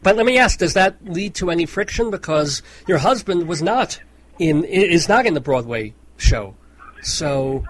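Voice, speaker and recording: A man's voice: fairly high pitch, lively intonation, moderate pace, poor audio. A man hosting an interview, asking questions in an upbeat, enthusiastic way. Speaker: interviewer, host. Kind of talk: casual interview.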